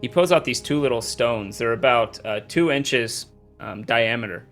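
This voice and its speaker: A man's voice: medium pitch, moderate pace, a bit bright. A man narrating a tabletop game with a light, joking manner. Faint music plays under his voice. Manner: playful, laughing, voices NPCs. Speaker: dungeon master.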